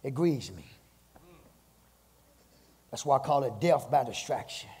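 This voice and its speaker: Raspy fervent preacher in a reverberant church. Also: male voice, animated, unhurried. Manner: rising from low talk to fervent shouted preaching. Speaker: pastor. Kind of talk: sermon. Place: church sanctuary with long reverb. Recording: hall reverb.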